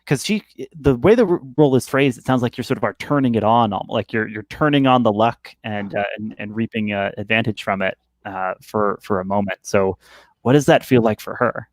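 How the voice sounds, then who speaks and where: A man narrating as game master of a tabletop game, halting and full of fillers. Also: fairly low pitch, no room sound. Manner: rambling, halting, many fillers.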